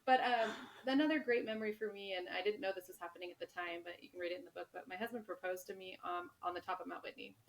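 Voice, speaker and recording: A woman's voice: on the low side, quick pace, hardly any pauses, slight background noise, rough recording. Chatty woman telling trail stories. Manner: chatty storytelling, laughs often. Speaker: author and guest. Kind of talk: casual podcast interview.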